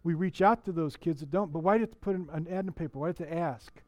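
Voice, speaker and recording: A middle-aged man preaches in church in a loose, conversational style, often starting sentences over and asking the congregation questions. His voice is a bit high for a man, he talks rapid-fire, and the recording is dry and close with little echo.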